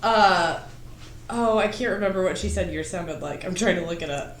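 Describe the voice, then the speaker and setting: Chatty low-pitched woman podcaster. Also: normal speed, a little hiss or hum. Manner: chatty, rambling, swears casually. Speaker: podcast co-host. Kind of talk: casual chat. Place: studio. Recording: roomy studio sound.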